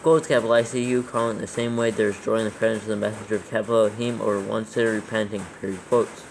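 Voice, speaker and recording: Guy reading bible text out loud with all the punctuation, low flat voice, bit of faint hiss behind. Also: gravelly, poor audio. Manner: reads slowly and evenly, naming every comma and capital. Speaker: proofreader reading scripture aloud. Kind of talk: dictating text with punctuation read aloud.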